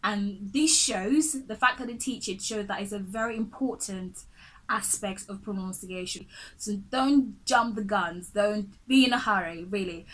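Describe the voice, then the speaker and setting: A woman's voice: mid-range voice, measured pace, fairly bright tone, low-quality recording. A woman teaching English pronunciation straight to the viewer in an earnest, chatty way, often repeating herself and adding "really" and "guys". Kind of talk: direct-to-camera lesson.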